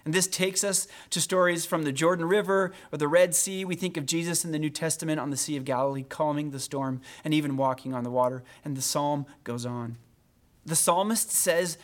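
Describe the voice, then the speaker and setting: A man preaching a sermon as pastor, earnest, slowing down when he reads scripture aloud. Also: on the high side.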